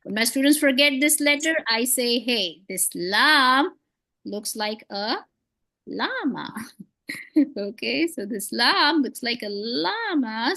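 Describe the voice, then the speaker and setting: A woman's voice: a little high, a bit bright, no room sound. A woman teaching beginners to read, patient and encouraging, with playful memory tricks and frequent praise. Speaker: Quran reading teacher. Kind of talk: one-on-one beginner lesson.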